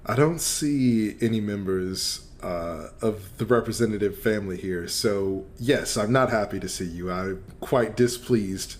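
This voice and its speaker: A man voicing a disdainful, menacing male dragonborn in a tabletop game, in a low, slow, quiet voice. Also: natural voice.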